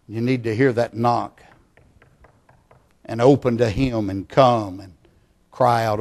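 A man preaching a sermon in an unhurried, deliberate way. His pitch sits in an ordinary middle range. He is earnest and pleading, and often sinks to a hushed, intimate tone to press his point. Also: fairly even intonation. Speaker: pastor. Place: church.

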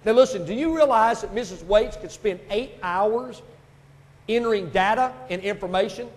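A man preaching a sermon, telling stories and building up to loud, emphatic bursts. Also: sits high, normal speed, long reverb tail. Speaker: pastor.

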